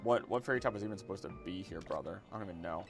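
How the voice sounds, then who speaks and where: A man's voice: low-pitched, very fast, gravelly, faint music behind. A man in his twenties chatting casually to his viewers while playing a game, rambling and repeating himself as he reacts. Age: 20s. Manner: rambling, repeats words, talks to chat. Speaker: streamer. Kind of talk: casual gameplay livestream chat.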